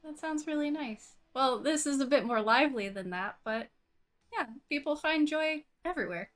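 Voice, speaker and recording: Female player, chatty and laughing, slightly high voice. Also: lively intonation, moderate pace, a bit bright. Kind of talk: casual tabletop role-play.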